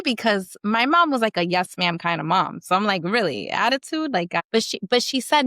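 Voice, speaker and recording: A woman of middle pitch talks casually on a podcast, telling stories from her upbringing with lots of fillers and quick Spanish phrases. Her voice is recorded close and dry, with no room sound. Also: very animated, a bit bright, no room sound. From Puerto Rican family. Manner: storytelling, mixes Spanish phrases, many fillers. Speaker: podcast guest.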